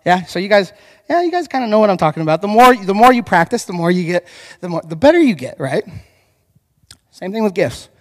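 A man with a high voice preaches a sermon, telling stories with lively energy and turning often to speak to his congregation. His voice rings out through a church hall, and a long reverb trails after each phrase. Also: fairly quick. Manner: lively storytelling, addressing the congregation directly. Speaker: pastor.

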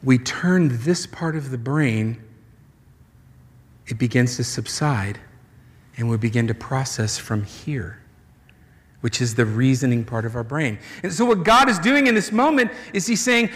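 A man preaching a sermon as a pastor, conversational and animated, with playful asides. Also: mid-range voice, a little slow, in a large hall.

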